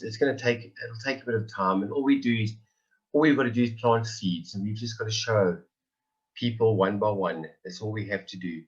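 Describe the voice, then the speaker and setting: A man in his forties tells his own story in an earnest, heartfelt way and keeps circling back to the same phrases for emphasis. His voice sits on the low side. The call audio is dull and lo-fi. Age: 40s. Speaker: member giving a testimony. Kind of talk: emotional personal testimony on a call.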